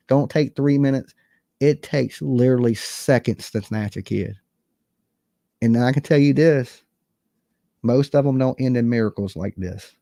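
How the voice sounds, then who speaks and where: A man in his forties with a drawl hosts a casual true crime livestream, talking bluntly and swearing freely. His voice sits at an ordinary middle pitch. The sound is close and dry. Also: warm tone, dry recording. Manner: blunt, profane, conversational, reads chat comments aloud. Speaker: true crime channel host.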